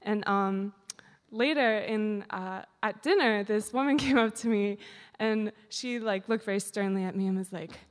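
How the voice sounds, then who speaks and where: A woman's voice: medium pitch, normal speed. A young woman tells a personal story to an audience, rambling and giggling with many fillers. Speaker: storyteller at a community gathering. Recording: hall reverb.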